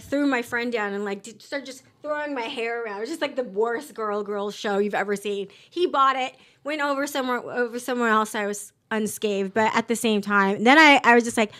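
A young adult woman, a podcast guest, telling a story in casual chat, animated and swearing freely as she acts out quotes. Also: fairly high pitch, a little fast.

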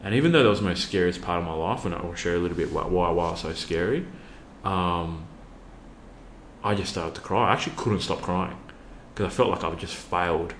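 A man's voice: sits low, a little fast, roomy sound, a little hiss or hum. A man, a youth worker, telling a personal story earnestly with many fillers and restarts. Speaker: podcast guest, youth worker.

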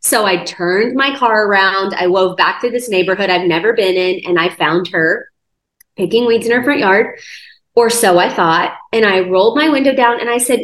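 A woman recounting a personal story as a podcast guest, chatty and animated, peppering her sentences with "like." Her voice sits mid-range and carries a noticeable roomy echo. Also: mid-range voice, moderate pace. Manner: lively retelling with many "like" fillers. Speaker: guest sharing a testimony. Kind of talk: conversational storytelling.

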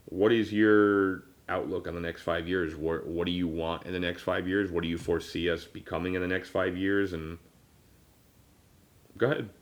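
A man in his thirties with a low voice hosts a casual podcast at a normal speed, his pitch barely moving. He rambles through personal conversation with frequent fillers and restarts, occasionally getting choked up.

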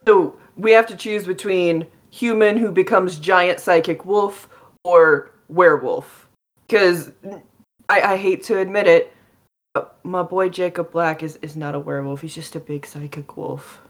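A young woman plays in a tabletop game, rambling casually with many fillers. Her voice sits a little low for a woman. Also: a little slow. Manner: rambling, lots of likes and ums. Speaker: player. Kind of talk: casual tabletop role-play.

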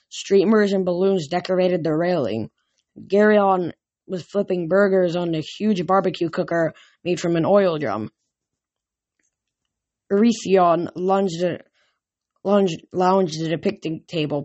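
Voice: medium pitch, darkish tone, dry recording, dull audio. A reader narrating a novel chapter aloud, with small slips and restarts. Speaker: audiobook reader. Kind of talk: storybook narration read aloud.

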